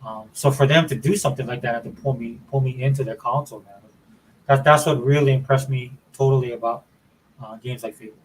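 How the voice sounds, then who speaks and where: A man's voice: medium pitch, steady tone, quick pace, a little hiss or hum, rough recording. A man from Florida hosting a casual gaming show, rambling with enthusiasm and saying "dude" and "man" often. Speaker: show host.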